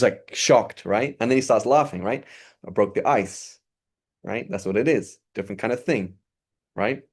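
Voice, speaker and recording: A man teaching a religious lesson in a casual, conversational way, acting out little dialogues as he goes. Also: fairly low pitch. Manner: animated, acts out dialogue in quick asides. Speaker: Islamic teacher.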